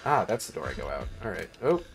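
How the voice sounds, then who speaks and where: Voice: sits low, quick pace, over music. A game streamer chatting casually with dry, joking asides. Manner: jokey, deadpan asides. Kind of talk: casual co-op gameplay chat.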